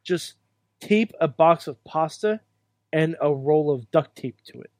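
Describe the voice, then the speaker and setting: A man's voice: a little high, animated, measured pace, darkish tone, no room sound. A male co-host in a studio, teasing and joking in a mock-stern tone during casual chat.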